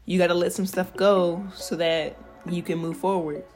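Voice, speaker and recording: A woman's voice: lowish voice, steady tone, moderate pace, darkish tone, faint music behind. A woman hosting a podcast, talking about faith in a casual, slangy and encouraging way. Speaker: podcast host.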